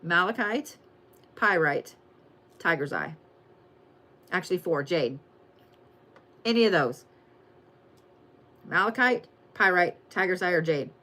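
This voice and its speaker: A woman giving a casual, profane, excitable weekly zodiac reading and calling her viewers y'all. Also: fairly low pitch, slow, long pauses. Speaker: tarot and astrology reader.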